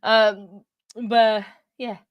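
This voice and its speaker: A woman's voice: mid-range voice, flat delivery, extremely slow, smooth, no echo, lo-fi sound. A woman, casually chatting with her livestream chat, playful and giggly, a bit out of breath. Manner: giggly, playful, rambling with frequent laughs. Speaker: livestream host.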